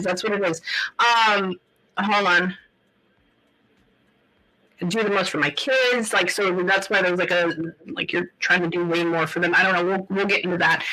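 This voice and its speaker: A woman giving a live psychic reading on a talk show, pausing often to say hold on and filling her talk with like and um. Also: medium pitch, pushed and bright, rough recording. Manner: halting, keeps pausing to say hold on; loose casual talk full of like and um. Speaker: psychic medium.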